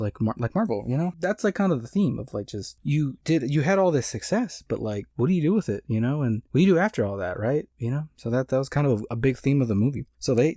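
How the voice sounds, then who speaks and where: Young guy, casual reviewer, rambling chatty recap, average pitch, dry close mic. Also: dark tone, no echo. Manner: rambling, loose, many fillers and restarts. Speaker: movie reviewer.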